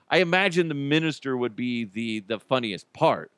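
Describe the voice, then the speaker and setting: A man's voice: fairly high pitch, normal speed, few pauses, a bit bright, smooth, dry recording. A man hosting a podcast in casual solo chat, rambling and joking with lots of filler words. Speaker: podcast host.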